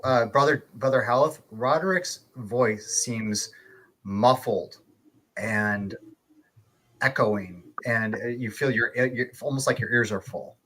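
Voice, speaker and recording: A man narrating a tabletop game as game master, relaxed, with filler words and chuckles. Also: mid-range voice, slow pace. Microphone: online stream call.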